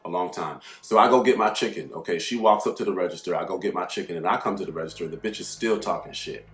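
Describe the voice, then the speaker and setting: A man hosting an astrology channel, telling a story in a brash, profane, animated way that swings into loud outbursts. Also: sits low, quick pace. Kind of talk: casual storytelling monologue. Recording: echoey room with faint music behind.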